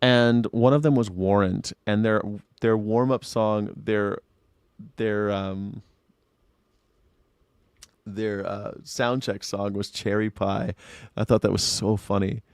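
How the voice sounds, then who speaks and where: A man's voice: fairly low pitch, steady tone, slow, long pauses, clear, resonant tone, no room sound, studio quality. A man hosting a casual live talk stream, ranting and mocking how people phrase their questions. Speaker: talk show host. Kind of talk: casual livestream chat.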